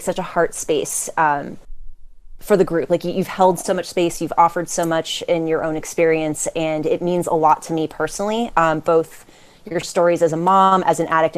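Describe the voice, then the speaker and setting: A woman hosting a podcast, effusive and emotional as she thanks a guest. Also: sits low. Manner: effusive, emotional, spiritual talk. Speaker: podcast host. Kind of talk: casual chat.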